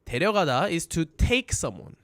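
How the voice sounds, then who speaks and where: Quick-talking language teacher. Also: male voice, a little high, big pitch swings, a bit bright, no echo. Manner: frequent "right?" tag questions, repeats phrases for practice; switches between English and Korean, sings lyric lines. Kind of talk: live-streamed language lesson.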